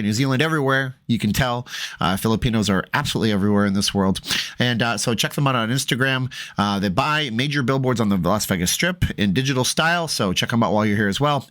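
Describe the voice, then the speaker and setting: A man vlogger telling a story in a rambling, chatty way, full of fillers, shifting between low asides and raised, animated bursts. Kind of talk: storytelling vlog.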